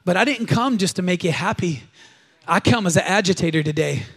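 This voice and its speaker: High-voiced pastor guy preaching hard, calls the church to say it back with him. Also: lively intonation, fairly quick, a bit bright, husky. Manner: emphatic and exhortative, leading the congregation in call-and-response. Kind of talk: sermon. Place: church service.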